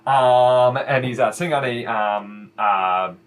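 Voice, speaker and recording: A man's voice: medium pitch, slow. A man narrating as game master of a tabletop game, rambling with many fillers and restarts.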